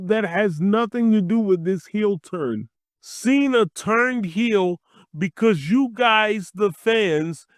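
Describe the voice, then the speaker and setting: A man's voice: high voice, no room sound, clean studio sound. A man ranting to camera as a wrestling commentator, blunt and exasperated, swearing freely. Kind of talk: profane rant to camera.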